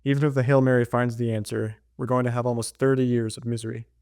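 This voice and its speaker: A man's voice: mid-range voice, little pitch movement, fast talker, a little mellow, smooth, no room sound, clean studio sound, close to an everyday voice. A man reading as a nervous, defensive teacher. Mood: evasive. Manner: read aloud from a novel in his own voice. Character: anxious male science teacher, evasive and defensive. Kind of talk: reading a novel aloud.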